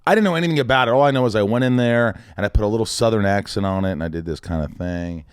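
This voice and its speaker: Appearing as a podcast guest, a Midwestern actor in his forties from Indiana trades show-business stories in relaxed conversation, acting out what others said. His voice is on the low side, clear and resonant, delivered rapid-fire in a clean studio recording with no room sound.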